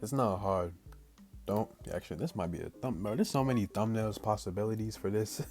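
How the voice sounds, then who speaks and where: Deep-voiced man reading a game aloud. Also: brisk, a little mellow, soft background music. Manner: plain read-aloud, breaks off into slangy chat to viewers. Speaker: gaming channel host. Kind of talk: reading visual novel text aloud with casual asides.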